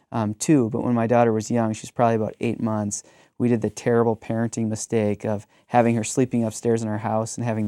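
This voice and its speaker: A man's voice: lowish voice, dark tone, no echo, studio quality. A man in his thirties, a pastor, talking reflectively in a conversational discussion and telling stories with frequent ums.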